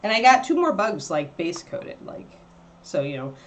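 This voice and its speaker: At a moderate pace and very animated, a woman chats and rambles on her livestream while painting miniatures. She also talks to her dog in a high-pitched baby voice.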